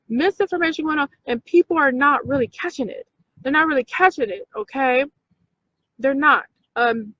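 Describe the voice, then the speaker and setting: A woman's voice: high voice, sharp tone, no echo, muffled recording. A woman hosting a casual talk video for her viewers, emphatic, repeating points and checking in with "okay?". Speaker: video host.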